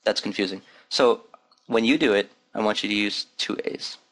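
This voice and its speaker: A man's voice: lowish voice, a bit bright. Male language tutor, patient, repeats sounds for learners. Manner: patient, demonstrates sounds slowly and repeats them. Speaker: Arabic teacher. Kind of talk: recorded language lesson.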